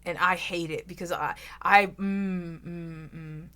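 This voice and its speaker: A young woman with an American Southern accent, chatting loudly and casually with her stream audience, rambling and swearing freely. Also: steady tone, slow pace. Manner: loud, rambling, swears freely, bursts into shrill laughs. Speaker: VTuber streamer.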